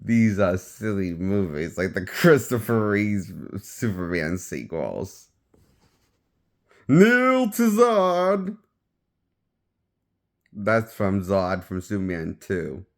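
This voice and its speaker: A man's voice: sits low, takes it slowly, hardly any pauses. A man giving a casual spoken movie review, rambling and often restarting his sentences as he shares offhand opinions. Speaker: film reviewer.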